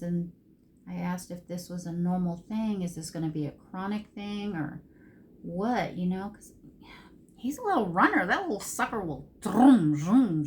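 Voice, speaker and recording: A woman's voice: lowish voice, slight background noise. Chatty woman, rambling makeup vlog. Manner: chatty, rambling storytelling with emotional swings. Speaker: makeup vlogger. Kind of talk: casual chat while doing makeup.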